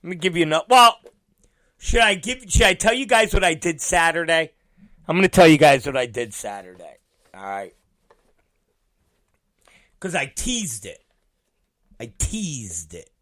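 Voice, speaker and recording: A man's voice: fairly high pitch, expressive, normal speed, long pauses, sharp tone. A male show host rambling profanely in a casual podcast rant.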